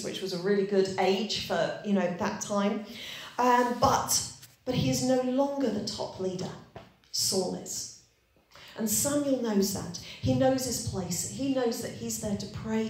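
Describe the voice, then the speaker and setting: A woman's voice: a little high, a little mellow. Woman preaching in a very echoey hall. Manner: conversational, retelling scripture in everyday words. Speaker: pastor. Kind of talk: sermon. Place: church.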